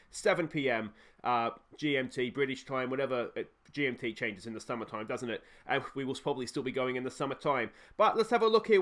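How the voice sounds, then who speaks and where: A man's voice: fairly high pitch, a bit bright. A man hosting a casual gaming video, chatty and self-mocking, with lots of fillers. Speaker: let's play host. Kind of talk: gaming commentary with playful role-play.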